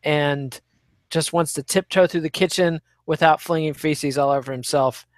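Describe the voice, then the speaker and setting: A man's voice: fairly high pitch, fairly even intonation, moderate pace, no echo. A man co-hosting a podcast in casual banter, blunt and crude with a joking edge. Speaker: podcast co-host.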